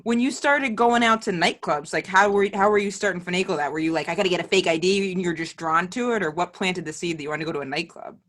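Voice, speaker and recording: A woman's voice: lowish voice, fast talker, few pauses, fairly bright tone. A woman hosting a podcast, chatty and swearing, asking eager follow-up questions. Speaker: podcast host. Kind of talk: casual podcast interview.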